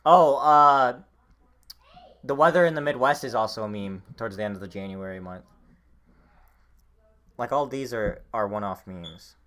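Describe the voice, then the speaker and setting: A young man talks in a loose, rambling way on a homemade podcast, dropping in filler words and swearing freely. He has the hiccups, and his voice sits at an ordinary middle pitch. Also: moderate pace, pauses often, a bit bright. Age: young adult. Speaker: podcast co-host. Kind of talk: casual chat.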